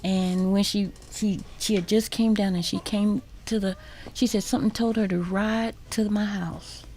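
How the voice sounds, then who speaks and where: A woman telling a personal story as a radio guest, halting and repeating words, sometimes dropping to a whisper. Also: mid-range voice, steady tone, a little mellow. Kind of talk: personal testimony in a radio interview. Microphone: studio microphone.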